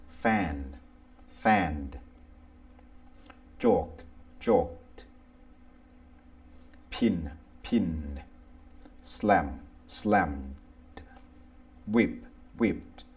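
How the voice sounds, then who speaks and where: A man with a Thai accent reading an English grammar lesson, going deliberately through lists of verbs one by one. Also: low-pitched, animated, darkish tone. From Thailand. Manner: slow, deliberate, reads word lists aloud one by one. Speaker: English teacher. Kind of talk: slow scripted grammar lesson.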